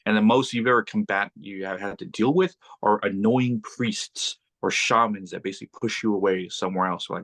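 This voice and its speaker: A man with a fairly low voice speaks as a podcast guest. He tells his account slowly and deliberately, building suspense as he addresses the listener directly. The delivery is conversational rather than scripted. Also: fairly bright tone. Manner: slow, deliberate second-person storytelling that builds suspense. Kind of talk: casual interview storytelling.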